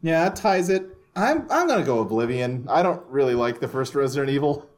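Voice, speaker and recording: A man's voice: medium pitch, big pitch swings, a little fast. A man hosting a podcast who talks in a casual, rambling way and laughs often. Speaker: podcast host. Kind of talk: casual chat.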